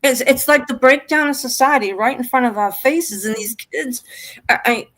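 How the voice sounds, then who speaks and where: A woman's voice: high-pitched, normal speed, fairly bright tone. An older woman calling in to a live stream, upset and rambling, with stammering restarts. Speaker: guest caller. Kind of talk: emotional live-stream chat.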